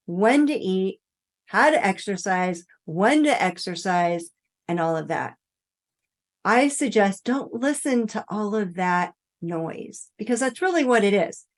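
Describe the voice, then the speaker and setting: Encouraging woman giving a self-help talk. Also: medium pitch. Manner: gentle, encouraging, addresses listener directly; drops soft and quiet for affirmations. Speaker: wellness coach.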